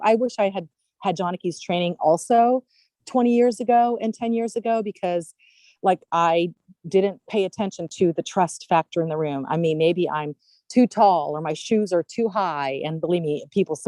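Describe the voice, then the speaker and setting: A woman's voice: lowish voice, mellow, no echo. A woman on a video-call panel chatting casually, rambling and self-deprecating, laughing often at herself. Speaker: summit panelist.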